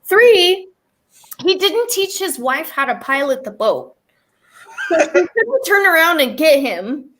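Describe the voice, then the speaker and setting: A woman's voice: extremely high pitch, big pitch swings, takes it slowly, pauses often, a bit bright. A woman co-hosting a podcast, telling a true story in a rambling casual way with many fillers and restarts. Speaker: podcast co-host.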